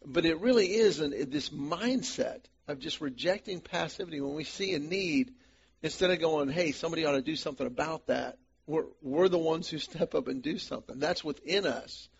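Gravelly middle-aged man leading a men's group. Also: on the high side, moderate pace, lo-fi sound, a little hiss or hum. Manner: animated storyteller who acts out quoted voices. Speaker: men's group study leader. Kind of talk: storytelling talk to a live group. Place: meeting room before a live audience.

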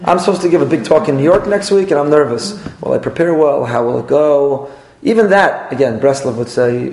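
A fairly high-voiced man gives a Torah class, animated and emphatic, repeating his points and slipping into quick acted-out exchanges. The room is roomy and echoey. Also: vocal fry. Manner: animated, repeats phrases and acts out little dialogues. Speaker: rabbi teaching a class. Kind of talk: Torah class lecture with audience questions.

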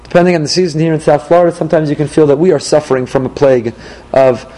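A man's voice: fairly high pitch, racing, dark tone, poor audio. A man, a rabbi, giving a Torah class to a live group, posing one rhetorical question after another with dry humor. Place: class room in South Florida.

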